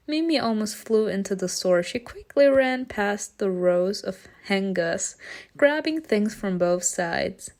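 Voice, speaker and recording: A woman's voice: mid-range voice, measured pace, darkish tone. A young woman reading a story game aloud, breaking off with giggly, informal reactions.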